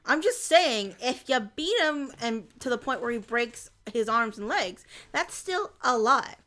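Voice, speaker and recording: A woman co-hosting a podcast, chatting casually and dropping quick jokey asides. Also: fairly high pitch, expressive, pushed and bright. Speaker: podcast co-host. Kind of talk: casual chat.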